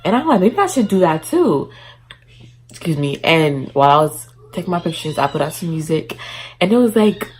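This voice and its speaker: A woman's voice: deep voice, big pitch swings, normal speed, a little hiss or hum, poor audio. A woman chatting casually in a mukbang vlog at home, talking while she eats. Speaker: vlogger. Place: indoors at home, in her bedroom.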